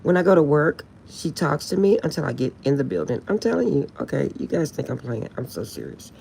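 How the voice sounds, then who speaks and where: Gravelly woman chatting and laughing. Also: deep voice, very animated, a little fast, a little mellow, slight background noise. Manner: laughing, keeps insisting she is serious. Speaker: live streamer. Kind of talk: casual late-night live-stream chat.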